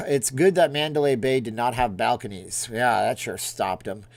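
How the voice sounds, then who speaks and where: A middle-aged man hosting a casual livestream, talking at an ordinary mid pitch. He rambles from one viewer comment to the next, tossing in jokes and asides as he goes. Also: moderate pace, no echo. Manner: rambling, jokey, reacts aloud to viewer comments. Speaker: livestream host reading chat.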